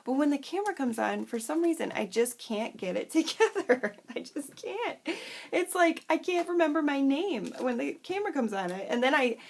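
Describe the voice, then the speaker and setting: A woman's voice: high-pitched, lively intonation, fairly quick, vocal fry, hardly any pauses. A woman hosting a crafting tutorial, chatty and bubbly, who rambles and often loses her train of thought. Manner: bubbly and self-deprecating. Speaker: craft channel host.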